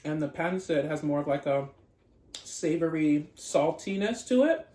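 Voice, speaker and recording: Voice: medium pitch, animated, unhurried, mellow. Chatty mukbang host in an echoey room. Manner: playful and chatty, addresses viewers as y'all. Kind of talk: casual chat while eating. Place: home room with dogs nearby.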